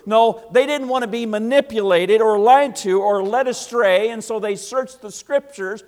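A man preaching a sermon to a congregation, emphatic and repetitive, swinging between loud passages and hushed asides. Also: high-pitched, moderate pace, hardly any pauses.

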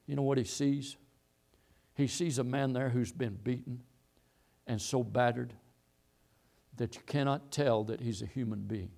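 A man's voice: medium pitch, fairly even intonation, measured pace, creaky, long pauses, dark tone. Emphatic preacher man. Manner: emphatic, repetitive preaching with Bible quotes. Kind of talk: sermon.

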